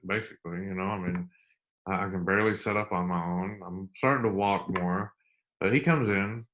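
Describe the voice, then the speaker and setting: This earnest, low-voiced American man is an army veteran sharing stories as an interview guest in a candid conversation. His tone is a bit bright, and he repeats himself, turning slow and emphatic when things get emotional.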